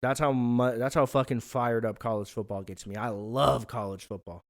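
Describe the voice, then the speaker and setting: A man's voice: mid-range voice, steady tone, normal speed. A young man hosting his own show from his living room, chatting loosely with lots of swearing and self-mocking asides. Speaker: podcast host. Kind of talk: casual solo vlog chat. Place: hot living room at home.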